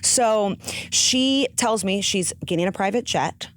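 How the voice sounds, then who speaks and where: Brief: effusive woman interview guest, mid pitch, close dry mic. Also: slow, no echo. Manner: bubbly and effusive, laughs often. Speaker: guest wrestler. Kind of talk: casual interview chat.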